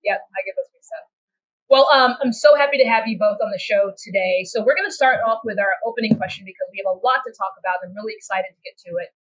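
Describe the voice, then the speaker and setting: A woman with a Texan accent hosts a podcast with an upbeat, chatty manner. Her voice is husky and slightly breathy at a middle pitch. She reads her welcome from a script, then slips into relaxed conversation with her guests. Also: quick pace, rough recording. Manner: upbeat, chatty, trails into restarts. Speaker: podcast host. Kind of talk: hosting a podcast, scripted intro then casual chat.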